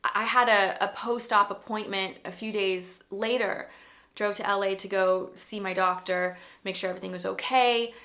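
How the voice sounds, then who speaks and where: Thirties woman vlogging to her camera, bright voice, heartfelt and rambly, lots of restarts. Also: mid-range voice, steady tone, moderate pace. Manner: earnest and emotional, rambling with restarts. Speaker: vlogger sharing a faith testimony. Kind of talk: casual spoken testimony. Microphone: self-filmed camera.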